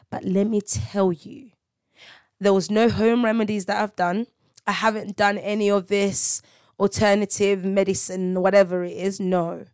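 A young woman hosting a casual faith podcast, telling stories in a lively, dramatic way with frequent laughter. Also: mid-range voice, no room sound, studio quality. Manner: animated, laughing, dramatic storytelling. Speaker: podcast host.

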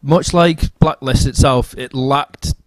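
Enthusiastic, swearing podcast co-host. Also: male voice, medium pitch, fairly even intonation, takes it slowly, no room sound. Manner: enthusiastic, swears freely, repeats words. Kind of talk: casual chat.

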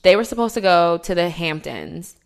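Casual podcast woman, low-ish voice, lively storyteller who acts out scenes. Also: normal speed. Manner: animated storyteller, acts out scenes with loud cries. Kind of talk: casual chat. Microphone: remote call.

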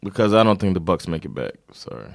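A man co-hosting a casual sports chat, animated and profane, quick to joke and swear. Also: deep voice, creaky, dry recording, clean studio sound. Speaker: podcast co-host.

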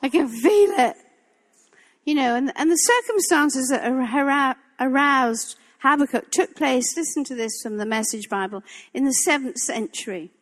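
A woman's voice: high voice, normal speed, few pauses, a bit bright, in a large hall. An older woman preaching a sermon in a church, impassioned and emphatic, repeating her phrases for weight.

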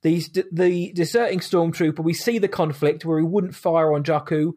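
A man co-hosting a podcast who talks things through in a thoughtful, measured, casual way. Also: on the high side, a little mellow. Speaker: podcast co-host. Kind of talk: casual chat.

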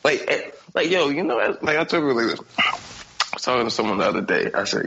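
Gravelly dude ranting on a podcast, pitch jumps all over, kinda muffled. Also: male voice, brisk, slight background noise. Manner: animated, heated ranting with heavy slang and laughter. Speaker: podcast co-host. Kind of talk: casual podcast chat.

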